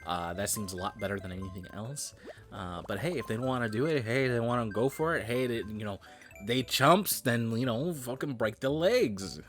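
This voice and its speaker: A tired gaming streamer with a mid-range, animated voice mutters and comments casually while he plays, yawning and swearing now and then. He talks at a normal speed, drifting between loud and quiet, with soft music playing in the background.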